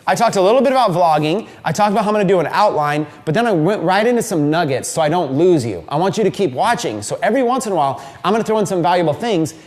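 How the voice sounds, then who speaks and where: A man giving a live online marketing training, talking energetically and emphatically, with quick repetitions to drive points home. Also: sits high, expressive, a little mellow.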